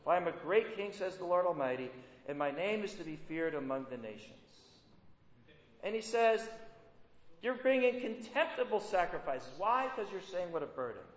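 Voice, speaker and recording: A man with a high voice preaches a conversational sermon and keeps turning to his listeners with questions. His voice rings through an echoey hall with a long reverb tail. The recording sounds dull and lo-fi. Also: very animated, moderate pace. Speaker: pastor.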